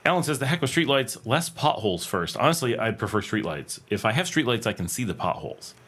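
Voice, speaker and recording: With a mid-range, fairly bright voice, an American man runs a casual livestream from his air-conditioned home room, speaking animatedly and fast. He reads viewers' comments out loud, then answers them as he thinks, rambling with many fillers and restarts.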